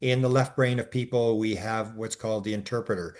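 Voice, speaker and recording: A man co-hosting a casual discussion, talking in long rambling stretches full of restarts and filler sounds, and growing animated as he recounts his exchanges. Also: on the low side, brisk. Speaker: co-host.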